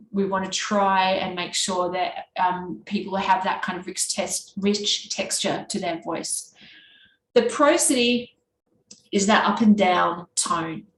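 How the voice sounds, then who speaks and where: A woman with a nasal Australian East Coast accent presenting a teacher workshop in an easy conversational way. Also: medium pitch. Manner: can be monotone; conversational, with fillers and restarts. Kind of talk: workshop talk. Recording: echoey room with faint background noise.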